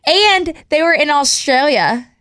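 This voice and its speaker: Bubbly high-voiced young woman co-host. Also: expressive, measured pace, fairly bright tone, no echo, studio quality. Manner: bubbly, gushing, exclamatory. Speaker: podcast co-host. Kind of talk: casual chat.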